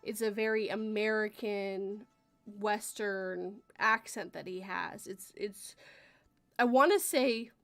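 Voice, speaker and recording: A woman's voice: mid-range voice, steady tone, slow pace, fairly bright tone, soft background music. A woman from Western Canada hosting a casual chat, talking in a rambling way and laughing often. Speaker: host.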